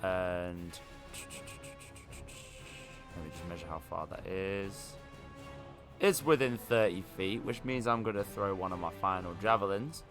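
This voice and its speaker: A man's voice: sits low, a little slow, pauses often, music in the background. A man playing a tabletop game, talking casually and rambling with laughs. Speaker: player.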